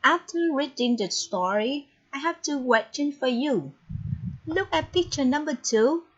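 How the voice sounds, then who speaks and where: Encouraging woman English teacher, high voice and slow, deliberate delivery. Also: lively intonation. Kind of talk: online English lesson. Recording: dull, lo-fi recording with faint noise.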